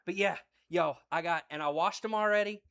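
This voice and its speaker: An excited man from West Virginia with an Appalachian accent, chatting folksily on a cooking livestream. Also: sits high, a little fast, vocal fry, clean tone. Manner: folksy and exuberant, repeats phrases.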